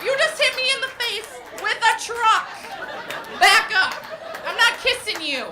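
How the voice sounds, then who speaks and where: Outraged little boy, shrill and tearful, as a woman comedian plays him, echoey stage. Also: expressive, a little slow, crowd noise, background noise. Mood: indignant. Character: indignant toddler boy, crying and shouting. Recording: roomy echo of a comedy stage.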